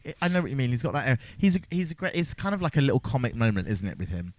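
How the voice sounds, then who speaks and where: A man's voice: medium pitch, racing, dry recording. A man co-hosting a podcast, chatting casually and jokingly about a horror film. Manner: jokey, animated, slips into silly voices. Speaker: podcast co-host. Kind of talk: casual film review chat.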